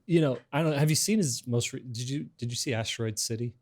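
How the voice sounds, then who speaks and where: A man's voice: mid-range voice, fast, darkish tone. A middle-aged man hosting a casual podcast chat, talking in a rambling, hesitant way with many restarts. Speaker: podcast host.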